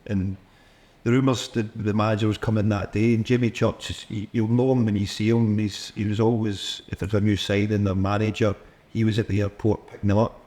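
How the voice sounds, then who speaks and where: A man's voice: on the low side, little pitch movement, a little fast, a little mellow. A man with a Scottish accent, a former footballer telling chatty anecdotes as a guest in a casual interview. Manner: chatty anecdotes with laughs and mimicry.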